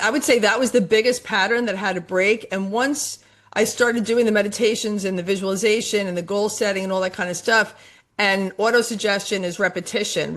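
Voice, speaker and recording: A middle-aged woman, a life coach guest on a podcast interview, talking earnestly and repeating her points for emphasis. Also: mid-range voice. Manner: earnest, repetitive, emphatic about affirmations.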